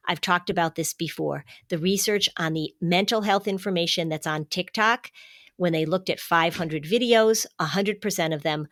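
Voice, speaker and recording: A middle-aged woman hosting a parenting podcast, explaining calmly and emphatically, slowing down to stress key points. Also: lowish voice, no room sound, studio quality. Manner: calm, warm-hearted, emphatic, slows for stress. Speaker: podcast host, anxiety expert.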